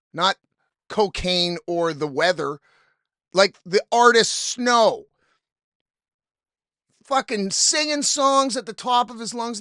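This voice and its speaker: Podcast host: man, high voice, close dry sound, exasperated profane storyteller. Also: bright, forceful tone, dry recording. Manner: profane, exasperated ranting with quoted asides. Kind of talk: casual storytelling monologue.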